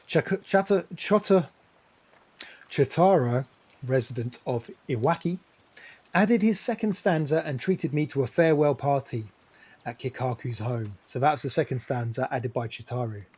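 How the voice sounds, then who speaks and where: A man reading poems aloud on a live stream and explaining them, musing and digressive, with many ums and restarts, and slowing down for the verses. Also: medium pitch, a little mellow, breathy edge.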